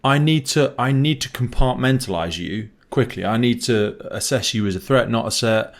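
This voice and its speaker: A man's voice: mid-range voice, moderate pace, vocal fry. A man hosting a podcast, chatting casually with blunt, self-mocking remarks and swearing. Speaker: podcast host. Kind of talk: casual chat.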